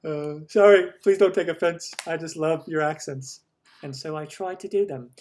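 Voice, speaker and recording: A man's voice: a little high, moderate pace, a little mellow. A man from the United States hosting a cooking channel live stream, chatting upbeat through viewer questions with lots of ums.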